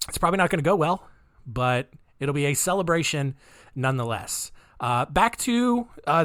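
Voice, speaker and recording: A man's voice: fairly high pitch, fairly bright tone, dry recording, clean studio sound. Joking man hosting a true crime podcast. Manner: joking, rambling, full of fillers. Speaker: podcast host. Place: home recording space.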